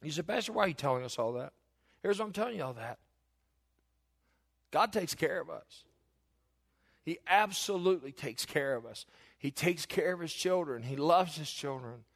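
A pastor in his forties preaching a sermon, telling stories and building in volume and pitch on key points, often restarting phrases. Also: expressive, moderate pace, gravelly, pauses often. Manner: storytelling, swells louder and higher on key points.

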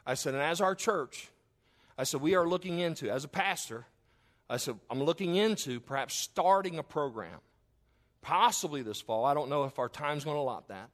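A middle-aged man preaches from the pulpit in a fairly high voice. He tells a story full of quoted back-and-forth and leans hard into the punch lines. He slows way down and gets loud when he drives a point home. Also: animated. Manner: storytelling, quoting others in dialogue; swells loud and slow on emphatic lines. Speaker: pastor. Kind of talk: sermon.

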